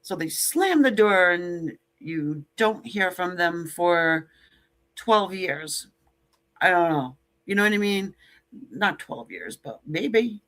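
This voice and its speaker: Slow-talking blunt, joking woman tarot reader. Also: on the low side, expressive, a bit bright. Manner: blunt, joking, sassy asides with casual swearing. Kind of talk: casual tarot reading to camera.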